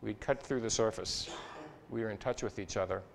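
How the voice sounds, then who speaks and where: An older man, a psychology professor, telling a personal story in a talk, expressive and reflective, with small restarts. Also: a little fast, creaky, slight background noise. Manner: expressive, rises and falls in pitch and loudness while recounting.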